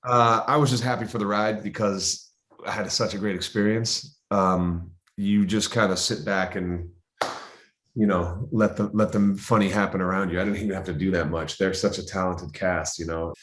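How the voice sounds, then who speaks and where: Guest actor, male, animated storyteller who plays out the voices he quotes, roomy echo. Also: low-pitched, normal speed. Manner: animated, acts out quoted voices, frequent restarts. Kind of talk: interview storytelling. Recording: roomy, echoey sound.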